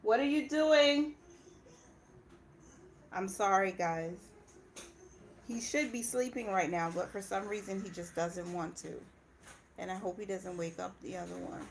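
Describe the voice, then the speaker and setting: Brief: young American mom, chatty livestream host, laughs easily, light noise behind. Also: female voice, on the low side, steady tone, normal speed. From Indiana, US. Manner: chatty, laughs often, talks back to her kids. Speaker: personal finance channel host. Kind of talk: casual livestream chat.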